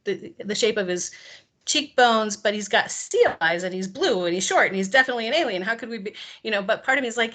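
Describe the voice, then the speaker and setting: A woman's voice: medium pitch, fast talker. A woman, a guest on an interview show, telling a personal story and acting out the quoted lines of the people in it. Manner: animated, acts out quoted dialogue.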